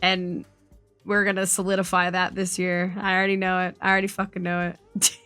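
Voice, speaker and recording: A young woman streamer in casual chat, swearing often and rambling through animated stories. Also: lowish voice, a little fast, clean tone, soft background music.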